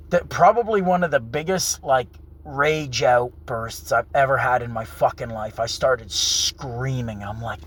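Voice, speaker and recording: Young man, light voice, not deep, rambling profane rant, lots of fillers. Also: fairly bright tone. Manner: rambling, swearing heavily, filler-laden. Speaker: vlogger. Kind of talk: profane ranting monologue.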